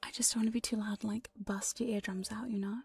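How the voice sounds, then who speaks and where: A woman's voice: mid-range voice, level tone, fast talker, slightly rough, dry recording. A woman streamer in a whispered ASMR stream chat, teasing and playful and swearing casually, recorded close on a binaural dummy-head microphone. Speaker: VTuber streamer.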